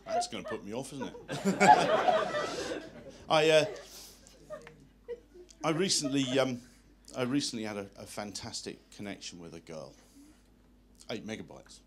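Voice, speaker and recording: Male amateur stand-up, mid-pitched and lively, self-deprecating gags to a live room. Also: unhurried, pauses often, background noise. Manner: self-deprecating one-liners. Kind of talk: live stand-up comedy set. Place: hotel function room with a live audience.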